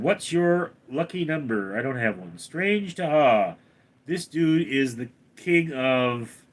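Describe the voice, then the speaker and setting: A man's voice: fairly high pitch, a bit bright. A man hosting a casual live stream, reading out viewer names and comments and answering them briefly. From Los Angeles, California. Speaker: livestream host reading chat.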